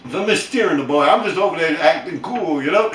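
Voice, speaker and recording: A man's voice: a little high, animated, brisk, a bit bright, reverberant, distant mic, a little hiss or hum. A man telling a funny story in casual, profane street slang, laughing hard as he goes. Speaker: storyteller vlogger.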